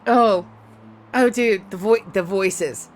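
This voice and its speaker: Playing a game on stream, a woman chats casually and slowly in a mid-range voice. She tells rambling, profane, animated stories about running tabletop games.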